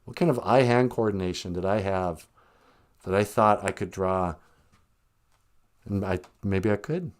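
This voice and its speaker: A man's voice: low-pitched, unhurried, long pauses. A man hosting a casual live-stream podcast, telling jokey stories and laughing often. He is outdoors on a back porch. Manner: joking storyteller, laughs often. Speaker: podcast host.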